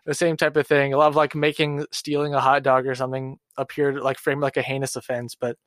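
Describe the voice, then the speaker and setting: A man co-hosting a podcast, talking in a halting, rambling way with many fillers. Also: mid-range voice, monotone, fairly bright tone. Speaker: podcast co-host. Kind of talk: casual podcast chat.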